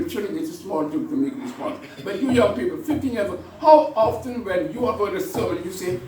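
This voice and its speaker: In a church, a priest with a high, darkish voice delivers a conversational sermon, repeating himself and posing rhetorical questions. The recording comes from a distance, echoey, with slight background noise.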